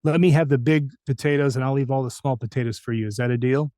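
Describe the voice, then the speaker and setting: A man imitating an older male voice-over star with a smooth, deliberate announcer delivery that is both genial and menacing, in a dry room. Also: medium pitch, steady tone, mellow, no room sound, natural voice. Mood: commanding.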